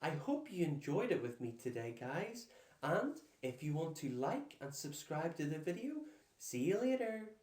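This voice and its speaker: A man slowly reading a children's storybook aloud, with expressive delivery. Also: a little high. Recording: echoey room.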